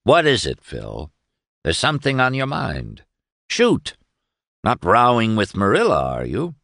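A man's voice: fairly low pitch, wildly swooping pitch, a little slow, creaky, fairly bright tone, no room sound, pitched above the performer's own voice, heavily acted. A man doing a blunt old village editor. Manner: plain-spoken, dry and cutting. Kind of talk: audiobook character reading.

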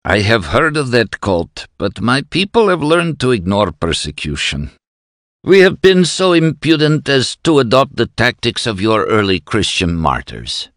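A man voicing a calm, dignified elderly rabbi who speaks with courteous, soft irony. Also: medium pitch, unhurried, dry recording, clean studio sound, pitched above the performer's own voice. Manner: calm, courteous, softly ironic.

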